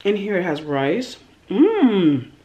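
A woman's voice: low-pitched, lively intonation, unhurried, a little mellow, lo-fi sound. A woman hosting a mukbang eating vlog, murmuring "mmm" between bites and gushing over the food in a shy, casual way. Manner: self-described shy. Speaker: mukbang host.

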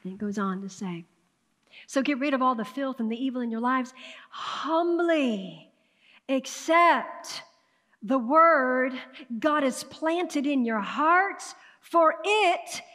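A woman pastor preaching a sermon in a high, bright voice that rings with the long reverb of a church sanctuary. She calls out to the congregation for answers and moves between quiet, close asides and loud, emphatic bursts. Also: expressive, slow pace.

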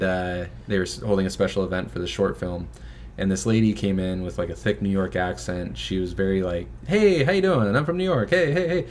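Young man, very low voice, relaxed filler-heavy chat, faint background noise. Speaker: filmmaker guest, son of host. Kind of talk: casual livestream fundraising chat.

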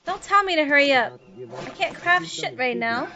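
A woman's voice: sits high, animated, moderate pace, dull audio, a crowd in the background. A woman livestreamer chatting casually and profanely with her chat while she plays a game. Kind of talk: casual live-stream chat while gaming.

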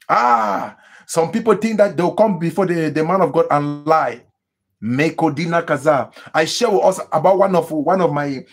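A pastor preaches in emphatic bursts and repeats himself. His voice sits high and leaps all over, with a husky, gravelly edge. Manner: emphatic preaching with repetitions and sudden high exclamations; mimics people praying in tongues. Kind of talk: sermon.

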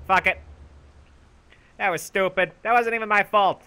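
A young man commentating his own gameplay, bragging goofily about being a genius and yelling for help in mock panic. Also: high-pitched, fairly even intonation, normal speed, smooth. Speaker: gaming YouTuber. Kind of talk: let's play commentary.

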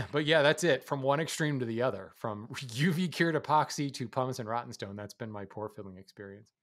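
A man's voice: mid-range voice, fairly quick. A man co-hosting a woodworking podcast, giving advice in an easy, explanatory way and laughing now and then. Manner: relaxed, explanatory, laughs easily. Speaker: podcast co-host and woodworking teacher. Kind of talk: casual podcast chat.

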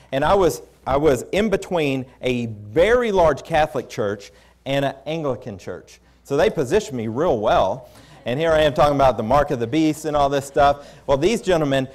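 A male preacher at mid pitch tells a story from the pulpit. He speaks candidly and conversationally, often restarting his sentences. He sounds like someone sharing personal experiences rather than reading a script. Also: darkish tone. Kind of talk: storytelling sermon.

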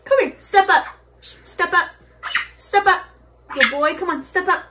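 A woman's voice: extremely high pitch, unhurried, sharp tone. A young woman chatting playfully at home, coaxing her pet parrot and giggling. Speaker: pet owner. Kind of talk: casual home video chat.

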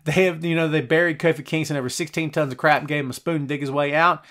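A middle-aged man hosting a live show, reading out chat messages and wisecracking in an animated, conversational way. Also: on the high side, fast talker. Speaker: podcast host.

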